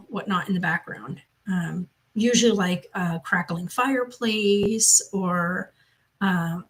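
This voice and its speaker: A woman's voice: medium pitch, poor audio. A woman hosting her channel from the loft of her home, chatting casually and rambling as she answers viewer comments. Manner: chatty, rambling, loose storytelling. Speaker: mother and channel host.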